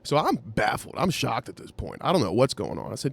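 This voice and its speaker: A man hosting a podcast, telling a wry anecdote in an animated, profane way. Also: mid-range voice, brisk, creaky. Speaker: podcast host. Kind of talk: storytelling anecdote.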